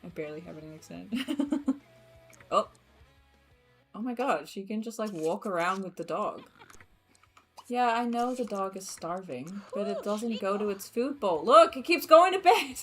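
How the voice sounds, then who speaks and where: A young woman with an Australian accent chatting casually while streaming a game, laughing often and filling pauses with ums and likes. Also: medium pitch, soft background music. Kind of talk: casual gameplay commentary.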